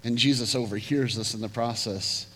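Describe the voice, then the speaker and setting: A man delivering a sermon in a storytelling way, slipping into the voices of the people in the passage and often doubling up his words. His voice sits at a middle pitch. The sound rings with a long hall reverb over a faint hum. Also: normal speed. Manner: animated storytelling, acting out quoted voices, often repeats words. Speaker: pastor.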